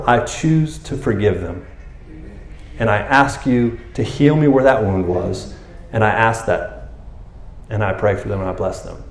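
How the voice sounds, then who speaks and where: A man's voice: fairly low pitch, unhurried, echoey room. A man preaching a casual, conversational sermon, acting out quoted voices as he goes. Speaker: pastor.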